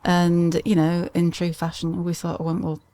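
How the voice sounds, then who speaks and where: Chatty middle-aged woman, lower voice. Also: monotone, moderate pace, mellow. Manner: chatty, laughing storyteller with frequent restarts. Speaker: podcast guest. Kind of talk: casual interview chat.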